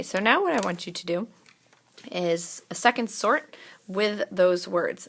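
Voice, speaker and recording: Gravelly woman teaching a spelling lesson. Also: on the low side, a bit bright. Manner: slow, deliberate word-by-word demonstration.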